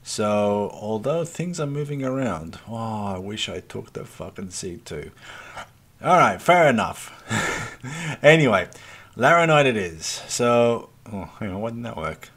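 A man's voice: mid-range voice, fairly bright tone. Swearing man narrating gameplay. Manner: chatty, swears freely, mutters at the game; addresses viewers as folks. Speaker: let's play host. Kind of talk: casual gameplay commentary.

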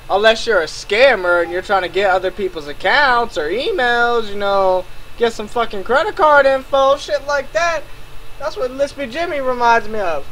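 A man's voice: high-pitched, moderate pace, a little hiss or hum. Foul-mouthed young man ranting. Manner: swears constantly, swings into shouting and laughing disbelief. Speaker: YouTuber ranting about another creator. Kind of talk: angry reaction rant.

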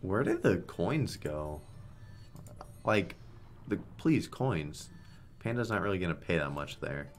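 Deep-voiced man swearing at slot spins. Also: sing-song, slow, pauses often, soft background music. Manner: swears a lot, groans and shouts at spins. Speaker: online slots streamer. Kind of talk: live gambling commentary.

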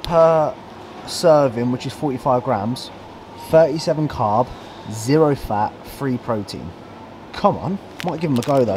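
A man's voice: mid-range voice, noisy background. Male vlogger, casual sweary banter from his car, mid-range voice. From south of England. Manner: rambling, swears constantly, blokey banter. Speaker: bodybuilder vlogger. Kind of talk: casual road-trip vlog. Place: in a car, later a supermarket.

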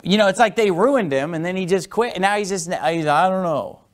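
A man's voice: sits high, a little fast. A man pastor preaching a sermon, explaining scripture verse by verse and acting out angry teeth-gritting to make his points.

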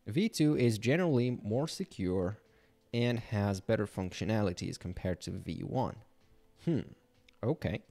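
Slow, low-voiced man walking through a hack. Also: creaky, soft background music. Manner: thinking aloud, relaxed, with fillers. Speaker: channel host teaching penetration testing. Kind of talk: screen-recorded tutorial walkthrough.

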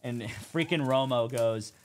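A man's voice: mid-range voice, a little slow, slight background noise. Chatty young man hosting a card break. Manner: casual, chatty, calls out cards and teams. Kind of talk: live stream commentary.

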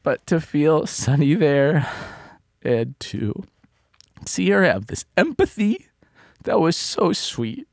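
Podcast co-host, male, gravelly voice with lively pitch, halting and heartfelt, dry close mic. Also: no echo. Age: adult parent of a small child. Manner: halting, restarts sentences, drops to soft tones. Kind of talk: emotional personal storytelling.

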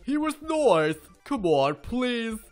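A man's voice: very high-pitched, very animated, takes it slowly, soft background music, heavily acted. A man voicing a vain, flirtatious female bat with a crude, teasing manner in an amateur cartoon. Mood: pleading. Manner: sultry, teasing, pushy.

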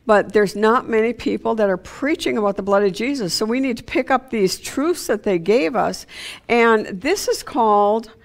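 A woman's voice: a little high, lively intonation, normal speed. A woman preaching an informal sermon, talking conversationally with many fillers and restarts.

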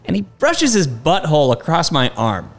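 Animated joking podcast host. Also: male voice, a little high, moderate pace. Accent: Oklahoma. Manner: jokey, laughs often. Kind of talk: casual chat.

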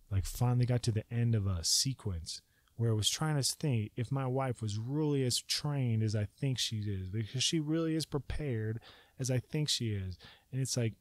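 A man's voice: lowish voice, no room sound. A man vlogging a wild personal story to camera, swearing freely and acting out his own reactions. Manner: profane, excitable, acts out his own reactions.

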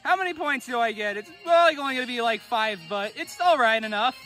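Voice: medium pitch, expressive, quick pace, bright, forceful tone, faint music behind. A performer doing a flustered rich businesswoman. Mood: triumphant. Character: wealthy woman business president, flustered. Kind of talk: amateur plush-toy dub.

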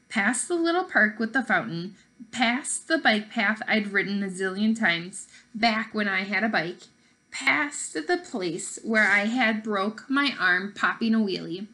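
A woman, a teacher, reading a children's novel aloud in an expressive way with varied pacing. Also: mid-range voice.

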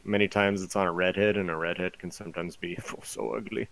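A man's voice: sits low, level tone, brisk, a bit bright, rough recording. A young man gaming with a friend over voice chat, swearing a lot and ranting mockingly in casual banter. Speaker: gamer on voice chat.

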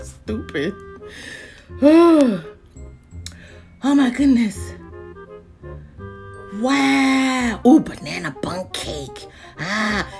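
A woman, chatting casually about deals in a lively vlog, with lots of exclaiming and laughing. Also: sits high. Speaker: deals vlogger. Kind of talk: casual live chat.

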